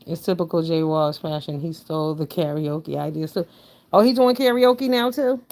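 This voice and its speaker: A woman around fifty chatting casually with her livestream viewers, swinging between loud exclamations and low mutters. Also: normal speed. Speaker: livestream host.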